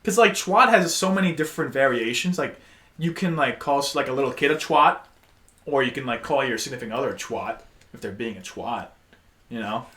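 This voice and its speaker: A young man co-hosting a podcast, joking crudely and trying out loud silly voices. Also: medium pitch, animated, fairly quick. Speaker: podcast co-host. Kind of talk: casual chat.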